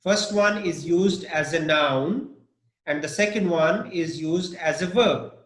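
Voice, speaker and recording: A man teaching an English pronunciation lesson, talking haltingly with many fillers and "okay?" checks. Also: a little high, a bit bright, roomy sound.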